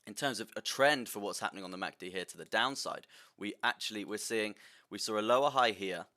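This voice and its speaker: A young man on a live stream talking through price charts in a halting way, repeating words and often tagging on "right?". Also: on the low side, sharp tone. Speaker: crypto streamer.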